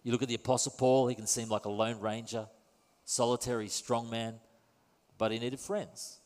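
A man's voice: medium pitch, flat delivery, normal speed, darkish tone. A man preaching a sermon in a conversational, wry and self-deprecating way. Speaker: pastor. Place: church. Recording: long reverb in a church hall.

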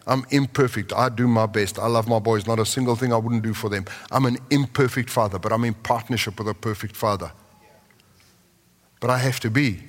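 Guy preaching to a big church, mid-pitched voice, long hall reverb, gets fired up then goes soft and hushed. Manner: impassioned preaching, drops to soft prayerful tones. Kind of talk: sermon. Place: large church hall with congregation.

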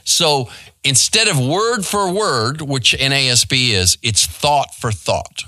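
A man's voice: mid-range voice, lively intonation, slow pace, pushed and bright, no echo. A middle-aged man and pastor, giving a casual Bible study with many fillers and asides to the room. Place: church hall.

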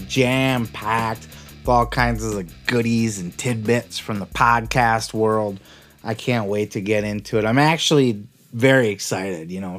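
Profane, excitable male podcast host. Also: mid-range voice. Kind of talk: comic podcast rant.

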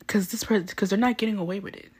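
A teenage girl hosting a podcast, telling a story in a chatty, animated way full of fillers. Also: mid-range voice, quick pace, husky. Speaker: podcast host. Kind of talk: casual storytelling.

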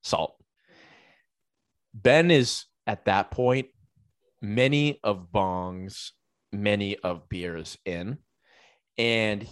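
A man with a somewhat low voice co-hosts a casual podcast chat. He rambles through his stories with plenty of fillers and restarts. His voice is recorded dry and close. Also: no echo. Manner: rambling storyteller with many fillers, laughs while telling. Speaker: podcast co-host.

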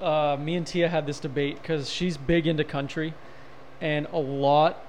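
A man with a fairly high voice tosses out jokes and laughs through his lines in a loose, casual chat. Faint hiss runs behind him. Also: little pitch movement, darkish tone. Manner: joking, quick, laughs often. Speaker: podcast co-host.

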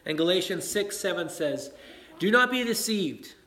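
Conversational male preacher, higher-pitched. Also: expressive, normal speed, bright, forceful tone. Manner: conversational preaching with frequent fillers and "right?" check-ins. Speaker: pastor. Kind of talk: sermon.

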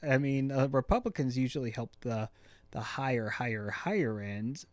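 A man's voice: mid-range voice, normal speed, no echo. A man co-hosting a casual podcast chat in a laid-back, joking way. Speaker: podcast co-host.

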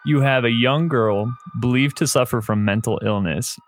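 A man's voice: mid-range voice, normal speed, soft background music. A man co-hosting a horror movie podcast, chatting in an easygoing way and laughing often. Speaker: podcast co-host. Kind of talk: casual chat.

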